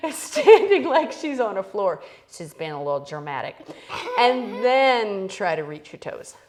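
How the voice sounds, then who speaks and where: A woman's voice: medium pitch, sing-song, a little slow. A middle-aged woman teaching a playful, encouraging yoga class for kids, calling out each movement. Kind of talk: kids' yoga class instruction.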